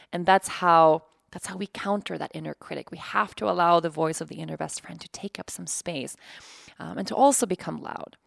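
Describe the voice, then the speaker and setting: A woman's voice: on the low side, gravelly, dry recording, clean studio sound. A woman host and yoga teacher talking openly and reflectively about her own life, searching for words with fillers and restarts. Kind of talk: candid personal reflection.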